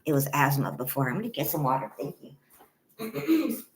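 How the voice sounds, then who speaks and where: A woman with a sore throat chatting casually on a livestream from her front yard, soft, weary and apologetic. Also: extremely low pitch, racing, background noise. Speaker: livestream host.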